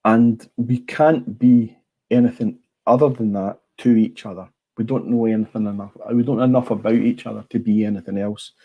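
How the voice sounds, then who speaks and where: A man's voice: lowish voice, steady tone, moderate pace, lo-fi sound. A middle-aged Scottish man hosting a casual livestream, blunt and rambling, swearing freely. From Scotland. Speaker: livestream host. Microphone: small clip-on mic.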